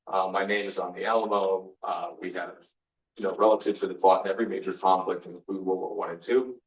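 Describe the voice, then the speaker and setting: A man's voice: deep voice, level tone, fast talker. Man, motivational speaker, earnest storytelling, dull distant sound, roomy hall. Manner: earnest storyteller, acts out quoted exchanges. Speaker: guest speaker. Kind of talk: faith-based motivational talk.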